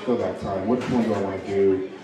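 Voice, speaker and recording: Crude stand-up comic, echoey club. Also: male voice, low voice, steady tone, a little fast, a crowd in the background. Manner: crude, laughing at own jokes. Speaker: stand-up comedian. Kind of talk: stand-up set with crowd work. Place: comedy club stage. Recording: echoey room, mic from distance.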